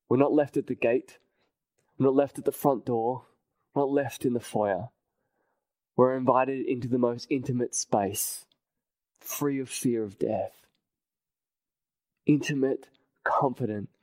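A man preaching a sermon, earnest and emphatic, repeating phrases and dropping his voice to a hush at key points. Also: medium pitch, no echo, low-quality recording.

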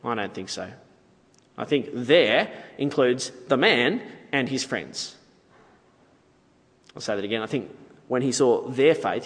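A man's voice: medium pitch, in a large hall. A man preaching a sermon in a conversational, playful way, with asides to the audience.

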